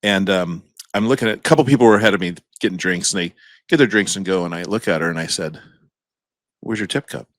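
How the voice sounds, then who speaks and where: Speaking quickly in a low-pitched voice, a male podcast co-host rambles through a story during casual conversation, chuckling a lot and imitating the people in it. The recording is studio quality with no room sound.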